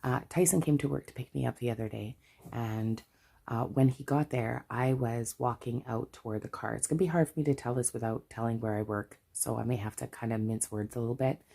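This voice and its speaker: Gravelly, very low-voiced Canadian woman. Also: fairly quick, mellow. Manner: chatty storytelling with frequent asides. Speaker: budgeting vlogger. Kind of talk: casual chat.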